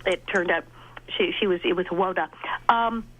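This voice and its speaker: Animated storytelling actress, dull lo-fi audio. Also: female voice, fairly low pitch, moderate pace. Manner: animated, laughing, acts out quoted lines. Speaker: actress and stand-up comedian, interview guest. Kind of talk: casual interview storytelling.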